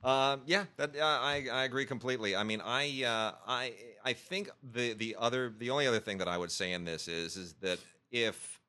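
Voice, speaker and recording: A man's voice: medium pitch, normal speed, few pauses, bright, forceful tone. A man co-hosting a podcast, thinking aloud and often restarting his sentences. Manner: thoughtful, searching for words, many restarts. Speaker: podcast co-host. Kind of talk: casual chat.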